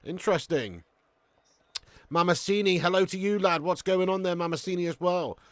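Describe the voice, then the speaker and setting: A man's voice: high-pitched, moderate pace, no echo. A man hosting a live football watch-along, bantering brashly with viewers, swearing often and reading their comments aloud. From England.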